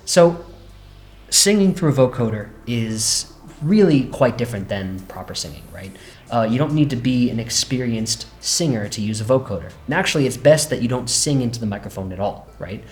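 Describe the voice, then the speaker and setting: A man hosting a relaxed synth demo lesson, often checking in with "right?" as he explains. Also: mid-range voice, moderate pace. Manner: relaxed, says "right?" a lot. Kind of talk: casual instructional demo. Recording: roomy echo.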